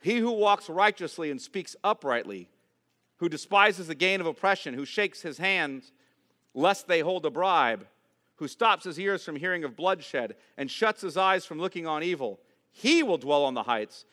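A man delivers a sermon in a bright, somewhat high voice. His pitch moves a lot as he builds emphasis, with long dramatic pauses. He preaches slowly and deliberately. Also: lively intonation, long reverb tail. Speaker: pastor.

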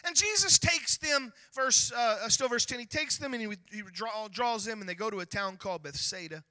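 A male pastor preaching a sermon, emphatic and rising to near-shouts as he retells scripture. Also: very high-pitched, moderate pace, no echo.

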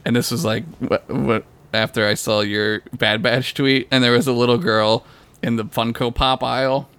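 A man's voice: mid-range voice, moderate pace, clean tone. A man telling jokey stories in a casual chat with friends. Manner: animated, jokey storyteller.

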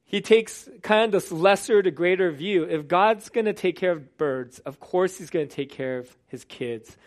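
A man's voice: sits high, moderate pace. A man preaching a sermon in an earnest, conversational way, with some restarts as he explains a passage. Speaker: pastor.

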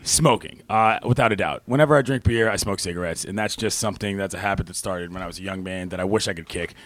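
A man chatting as a guest on a live stage show, relaxed and rambling. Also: low voice, quick pace. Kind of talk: casual on-stage conversation. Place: bookstore stage before an audience.

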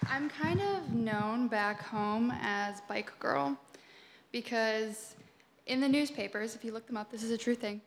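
A woman's voice: fairly high pitch, a faint crowd. A woman from Connecticut telling a self-mocking story live at a story slam. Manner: self-mocking, quick and rambling. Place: theater stage. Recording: long theater reverb, faint noise.

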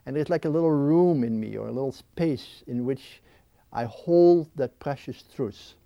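A man speaking as an interview guest, talking reflectively and expressively at his home, full of restarts and quick bursts. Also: mid-range voice, creaky, no room sound, muffled recording. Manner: animated and expressive, with many restarts. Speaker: interview guest, spiritual writer. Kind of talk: reflective interview talk on prayer. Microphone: filmed interview mic.

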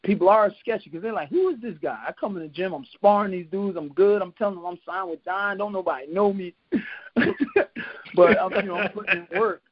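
He talks a little fast: a high-voiced man from Philadelphia, USA, a retired boxer guesting on a podcast for a casual storytelling interview. Animated and quick to laugh, he acts out quotes as he goes. There's no echo, and the podcast audio is dull and lo-fi.

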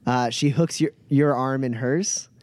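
A man running a tabletop game as game master, narrating with relaxed, filler-heavy speech. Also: mid-range voice, measured pace.

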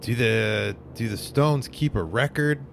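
A man playing a tabletop game, casual and deliberate, planning things out. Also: medium pitch, creaky, slight background noise. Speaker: player.

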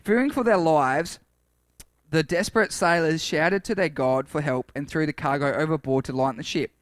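A man's voice: a little high, normal speed, no echo, clean studio sound. A man preaching a casual sermon, reading Bible passages aloud and breaking off for chatty asides. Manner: reads scripture aloud with dramatic shouts for quoted lines, chatty asides.

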